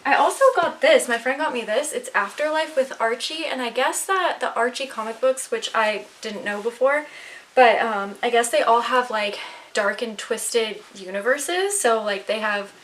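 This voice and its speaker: A young adult woman showing off her recent purchases in a casual vlog at home, chatty and excitable, a little out of breath. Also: fairly high pitch, normal speed. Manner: chatty, excitable, rambling with fillers. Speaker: vlogger. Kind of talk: casual show-and-tell haul video. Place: home, indoors.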